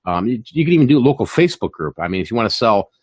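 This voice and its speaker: Racing along in a sing-song way, this man has a fairly low, darkish, husky voice with no room sound. As host of a reselling channel, he keeps a live-stream chat about online reselling loose and chatty, with plenty of filler words and repetition.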